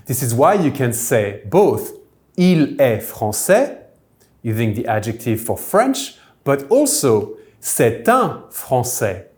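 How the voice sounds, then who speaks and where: Man as a patient language teacher, unhurried, even middle voice, spells out each French example. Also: medium pitch. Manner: clear, measured explanations, French words said slowly. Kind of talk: recorded language lesson. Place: church hall classroom.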